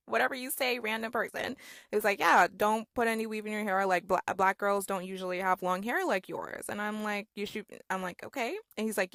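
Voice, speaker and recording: A woman's voice: medium pitch, fairly quick, fairly bright tone, dry recording. Chatty young woman in a dry room. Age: 20s. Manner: chatty, sarcastic, many fillers like "like" and "okay?". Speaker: storytime vlogger. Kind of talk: casual storytelling to camera.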